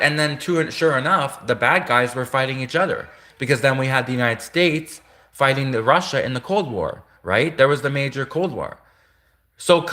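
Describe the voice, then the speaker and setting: Man, bright tense voice, rambling, repeats himself, casual monologue. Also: medium pitch.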